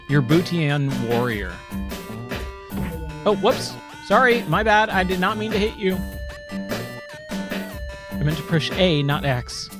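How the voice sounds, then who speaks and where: A man hosting a let's-play stream, upbeat and chatty with fillers. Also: fairly high pitch. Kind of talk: casual let's-play commentary. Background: game music.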